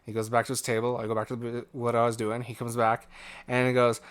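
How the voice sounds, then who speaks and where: A young man co-hosts a casual podcast, telling a long story about an old job and playing out everyone's lines. His voice is bright and forceful, and he sits at an ordinary middle pitch. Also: level tone, fairly quick, clean tone. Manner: rambling anecdote with acted-out quotes and laughter. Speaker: podcast co-host.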